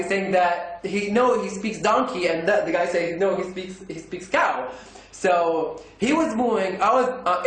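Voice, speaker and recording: A man's voice: fairly high pitch, echoey room. A man telling a story in a casual vlog, rambling and stumbling through many restarts. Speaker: vlogger.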